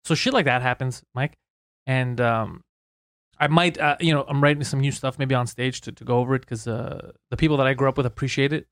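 A man co-hosting a casual podcast, telling stories quickly and acting out the people he quotes. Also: mid-range voice, fairly even intonation, fairly bright tone, no echo, clean studio sound. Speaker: podcast co-host.

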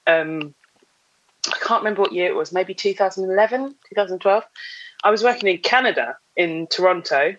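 A woman, a guest actress on a casual podcast, telling stories with lively laughter. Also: medium pitch, a little fast, lo-fi sound, slight background noise. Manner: animated storyteller, laughs often.

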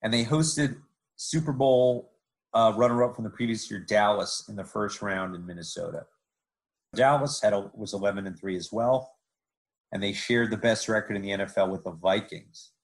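A man hosting a podcast, narrating sports history in a lively way with joking asides. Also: on the low side, moderate pace, rough recording.

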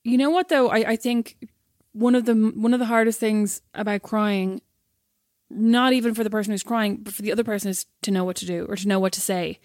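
A woman's voice: mid-range voice, steady tone, a little mellow, no echo, clean studio sound. A woman in casual chat as co-host, with a teasing manner. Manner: quick, teasing.

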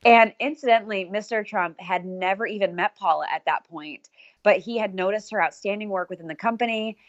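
A woman's voice: medium pitch, a little fast, no echo, lo-fi sound. A woman co-hosting a podcast, upbeat and casual, talking straight to listeners. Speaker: podcast co-host.

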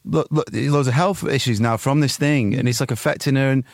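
Fast-talking man telling rambling stories. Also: medium pitch, steady tone, gravelly, no echo, studio quality. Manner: rambling storyteller, casual swearing. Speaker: podcast co-host. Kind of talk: casual comedy chat.

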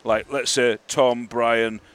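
A man's voice: mid-range voice, little pitch movement, slow, fairly bright tone, clean tone. A man co-hosting a podcast, rambling through his points and often checking whether he is understood. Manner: rambling, asks for agreement. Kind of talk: casual podcast chat.

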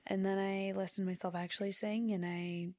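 A woman's voice: medium pitch, level tone, fairly quick, a little mellow, dry recording, clean studio sound. A woman co-hosting a podcast in casual chat, chatty and self-deprecating. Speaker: podcast co-host.

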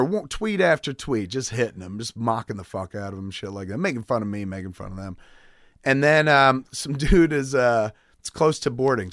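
A man's voice: mid-range voice, no room sound. A man telling a story as a podcast guest in a garage studio, swearing freely and mimicking the people in it. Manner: profane, animated storyteller mimicking others. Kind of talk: casual storytelling chat.

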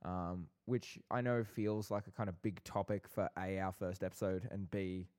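A man's voice: low voice, steady tone, moderate pace, a little mellow. A young man co-hosting a casual podcast with his brother, bantering playfully with light sarcasm. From Australia. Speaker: podcast co-host.

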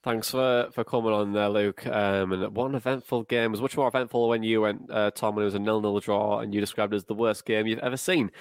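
A man's voice: on the low side, steady tone, a little fast, few pauses, clear, resonant tone, dry recording. Jokey male podcast host, dry close mic. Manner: jokey, chatty, laughs easily. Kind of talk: casual podcast chat.

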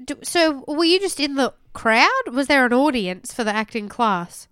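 A woman's voice: sits high, expressive, moderate pace, a bit bright, clean tone, dry recording. A young woman co-hosting a podcast by video call, teasing her co-host in a dry way. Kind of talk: casual chat.

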